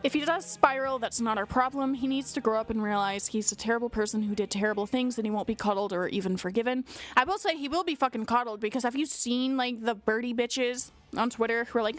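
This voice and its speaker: A woman's voice: a little high, fast talker, faint music behind. A congested young woman streamer who reads a document aloud in casual commentary, blunt, profane and sarcastic.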